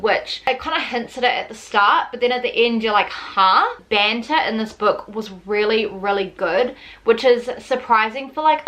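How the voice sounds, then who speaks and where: Chatty young New woman, bright voice. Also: mid-range voice. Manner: chatty, lots of filler 'like'. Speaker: book vlogger. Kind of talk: casual chat.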